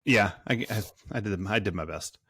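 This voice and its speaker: A man's voice: fairly low pitch, moderate pace, sharp tone, slightly rough, dry recording, studio quality. A man co-hosting a movie podcast in casual chat, rambling and cursing, full of fillers and restarts. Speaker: podcast co-host.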